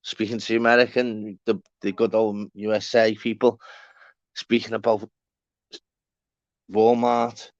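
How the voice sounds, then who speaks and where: Hosting a loose, chatty live stream, a Scouse man from Walton, Liverpool, England, swears freely and calls out viewers by name. He has a lowish voice, and the audio is dull with no room sound.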